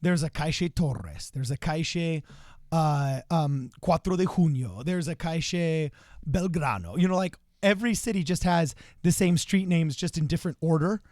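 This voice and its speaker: A man's voice: a little high, normal speed, darkish tone, no echo, studio quality. A man co-hosting a casual political podcast, chatty and storytelling, dropping in Spanish phrases. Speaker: podcast co-host.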